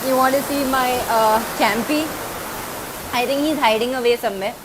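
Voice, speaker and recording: A woman's voice: high-pitched, moderate pace. A woman chatting on a casual live stream from home, often slipping into coaxing baby talk for her pet dog. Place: at home by the rain. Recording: steady rain noise behind.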